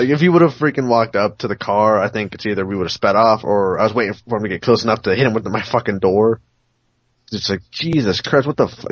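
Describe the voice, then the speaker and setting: A man rambles through a story on a casual podcast call and swears freely. His voice is on the low side. The sound is dry and muffled, like a lo-fi call. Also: no room sound. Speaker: podcast co-host. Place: home on an online call.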